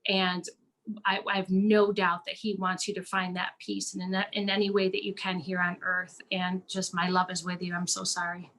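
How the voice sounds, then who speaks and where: A woman speaks as a caring guest, gently and with frequent fillers. Her pitch stays flat and level. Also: normal speed. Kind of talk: supportive casual talk.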